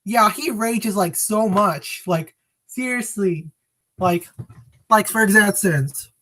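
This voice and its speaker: A woman's voice: medium pitch, slow, fairly bright tone. Rambling woman chatting on a live stream. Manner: rambling, self-correcting, greets viewers by name. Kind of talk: casual live-stream chat.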